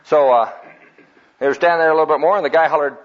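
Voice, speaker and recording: A man's voice: a little high, fast. A man preaching a sermon in a folksy storytelling way, acting out quotes and laughing at his own jokes. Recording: dull lo-fi recording.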